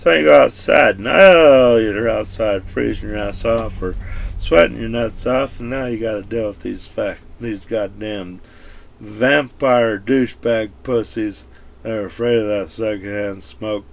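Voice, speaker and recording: A man's voice: lowish voice, measured pace, creaky. A man ranting casually and crudely to the camera, swearing constantly and rambling from one point to the next. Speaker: vlogger. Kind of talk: casual rant.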